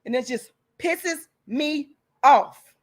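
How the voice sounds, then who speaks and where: A woman's voice: high voice, takes it slowly. A woman hosting her own channel, delivering a heated, profane rant straight to her viewers. She speaks bluntly and defiantly, with angry emphasis and repeated insults. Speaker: channel host.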